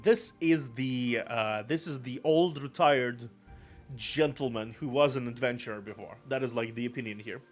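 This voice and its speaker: A man's voice: medium pitch, moderate pace, soft background music. A man streaming live, giving casual, rambling commentary and often repeating his own phrases.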